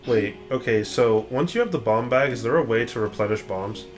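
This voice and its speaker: A man's voice: mid-range voice, lively intonation, a little fast, poor audio. A man playing a video game, dryly planning his moves aloud in casual commentary. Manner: dry, plans moves aloud, wry. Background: game music.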